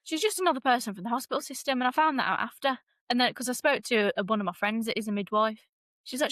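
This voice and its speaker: A young British woman guest on a podcast, telling her story in a lively, dramatic way and laughing often. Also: fairly high pitch, fast talker, dry recording. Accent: British English. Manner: animated, self-described dramatic, laughs often. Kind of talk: casual storytelling interview.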